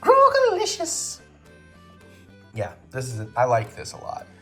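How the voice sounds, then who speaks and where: A man hosting a home vlog, joking and thinking out loud while he puts a toy together. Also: lowish voice, fairly quick, soft background music. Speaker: vlog host. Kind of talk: casual chat while assembling a toy set.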